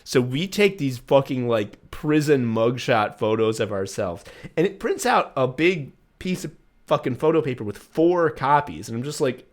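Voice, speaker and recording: A man's voice: mid-range voice, animated, moderate pace. A man co-hosting a podcast, telling a travel story in a rambling, profane way with lots of fillers. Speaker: podcast co-host.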